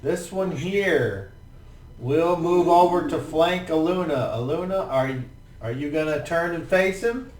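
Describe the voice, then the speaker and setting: Slow-talking laid-back game master. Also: male voice, a little high. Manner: laid-back, profane, vivid play-by-play. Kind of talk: narrating a tabletop game. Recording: roomy, distant mic with faint ambience.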